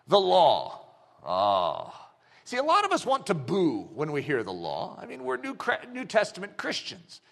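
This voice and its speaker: A man preaching a sermon, telling a story with acted-out dialogue in an animated way. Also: very high-pitched, creaky.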